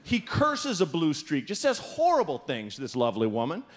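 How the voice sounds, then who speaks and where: Performing stand-up before a live audience, a man tells an animated story, acting out its characters with big jumps in his voice. His voice is a little high and his pace moderate.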